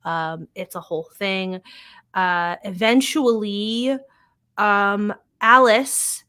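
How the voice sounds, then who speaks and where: A woman's voice: mid-range voice, fairly even intonation, takes it slowly, sharp tone, clear, resonant tone, no room sound, clean studio sound. A woman casually recapping a TV episode, chatty and swearing freely, paraphrasing what the characters say. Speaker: podcast host recapping a TV episode.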